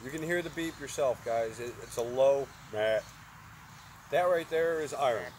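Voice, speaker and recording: A man with a medium-pitched voice speaking at normal speed demonstrates a metal detector outside in a yard. Plainspoken and casual, he announces the tone for each coin and metal he tries, with outdoor sounds in the background.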